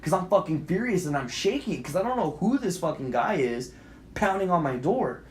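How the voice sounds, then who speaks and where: A young man co-hosting a podcast, telling a story in an animated, profane way and acting out the scenes. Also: a little high, normal speed, a little hiss or hum. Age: young adult. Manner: profane, acts out scenes with quoted voices and filler sounds. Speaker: podcast co-host. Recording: roomy echo.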